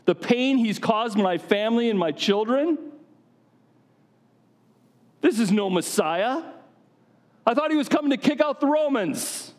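A man voicing an angry, resentful townsman who complains in a raised, shrill voice. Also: lively intonation, a little slow, long pauses, darkish tone. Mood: indignant.

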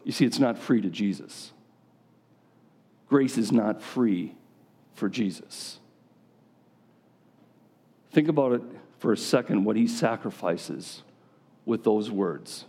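A man's voice: lowish voice, slow, pauses often, mellow, husky. A man preaching a sermon to a gathering of men in a conversational style, often putting questions directly to his listeners.

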